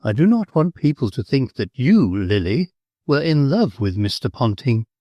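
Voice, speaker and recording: A man's voice: mid-range voice, sing-song, normal speed, no room sound, highs cut off. A man voicing a bossy, talkative middle-aged countess who gives fussy commands.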